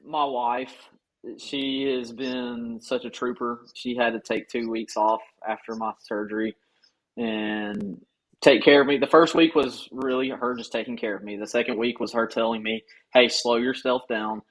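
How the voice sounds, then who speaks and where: A man's voice: mid-range voice, steady tone, normal speed, rough recording. A man from Georgia in his thirties, speaking earnestly as a guest on a conversational podcast, often restarting his sentences. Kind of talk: casual conversational interview.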